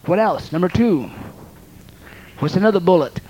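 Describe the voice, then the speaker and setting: A woman's voice: mid-range voice, animated, normal speed, a little mellow, poor audio. A woman preaching a sermon, exhorting her listeners and often repeating words as she restarts.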